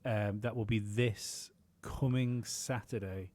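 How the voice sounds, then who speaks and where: A man's voice: lowish voice, fairly even intonation, takes it slowly, darkish tone, no room sound. A man co-hosting a podcast, chatting casually, rambling with many fillers and some swearing. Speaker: podcast co-host.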